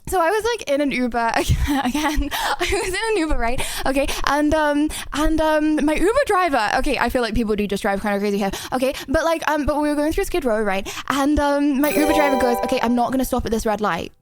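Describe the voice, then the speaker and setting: A woman's voice: high-pitched, a little fast, hardly any pauses. A young woman streaming live, chatting in a rambling, giggly way full of fillers. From Australia. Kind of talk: casual live-stream chat.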